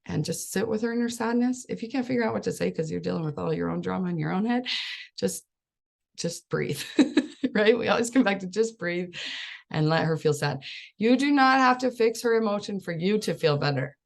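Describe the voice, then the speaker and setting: A woman's voice: mid-range voice, lively intonation, normal speed, creaky. A woman in her thirties, a life coach, giving a casual, chatty talk to parents, laughing often and acting out what people say. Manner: chatty, laughs often, acts out quoted voices.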